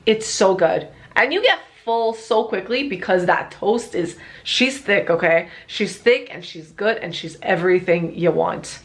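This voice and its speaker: A woman's voice: lowish voice, expressive, unhurried, hardly any pauses. A young woman from Portugal presenting her own products in a casual vlog to camera, gushing and chatty, with fillers, restarts and the odd swear word. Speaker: small business owner presenting her products.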